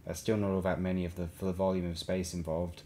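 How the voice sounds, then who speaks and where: A man reading the part of a cool, shrewd male smuggler chief speaking over a comm, calm and probing with a hard edge. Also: sits low, quick pace, slight background noise.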